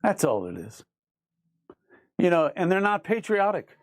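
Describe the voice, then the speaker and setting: A man's voice: high voice, sing-song, measured pace, no room sound, clean studio sound. A man hosting a live show, reading viewer comments aloud and arguing with them in an emphatic, repetitive way. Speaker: livestream host. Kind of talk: ranting live chat reading.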